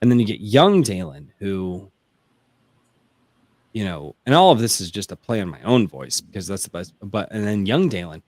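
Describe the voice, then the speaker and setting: Enthusiastic baritone man, rambling. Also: very animated, moderate pace, darkish tone, dry recording. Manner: enthusiastic, rambling, many restarts. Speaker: author. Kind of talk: casual round-table chat. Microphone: home mic through a mixer, bass boosted.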